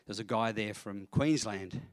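A middle-aged man, a pastor telling lively, self-mocking stories in a sermon. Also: on the low side, measured pace, no echo, studio quality. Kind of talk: storytelling sermon.

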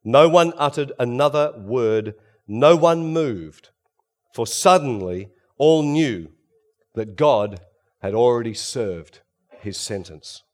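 Man, preacher, sermon, dramatic delivery, rises loud then drops to a hush, mid-pitched voice. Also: animated, slow. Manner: dramatic, swings between loud emphasis and hushed tones.

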